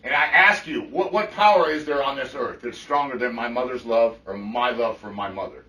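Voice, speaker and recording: A man's voice: mid-range voice, moderate pace, sharp tone. A middle-aged man giving a blunt, profane personal testimony to a recovery group, often checking in with his listeners. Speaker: recovery meeting speaker. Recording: echoey room, mic from far off.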